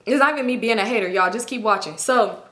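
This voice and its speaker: A woman casually telling a storytime to viewers, chatty and animated, speaking straight to them and acting out what her friends said. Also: fairly high pitch, fast. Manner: acts out friends' lines in shifting voices. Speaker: storytime YouTuber.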